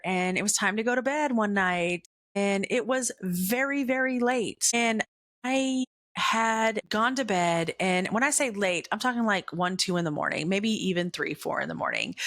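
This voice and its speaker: A woman hosting a faith podcast, telling a personal story in a chatty, animated way, full of "right?" and "like", going hushed at the scary parts. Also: medium pitch. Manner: chatty, animated, filler-heavy with frequent "right?" and "like"; drops to a hushed voice when retelling scary moments. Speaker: podcast host. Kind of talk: casual faith storytelling monologue.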